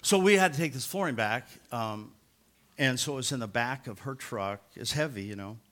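A man's voice: mid-range voice, normal speed. A man, a pastor, telling a funny anecdote during a sermon and laughing at himself as he goes. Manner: animated, self-mocking storyteller who laughs at himself.

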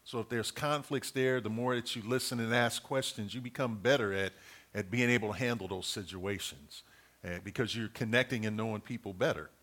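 A man's voice: on the low side, a little fast, a bit bright. Earnest man preaching a sermon. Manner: earnest, repeats key points, numbered list.

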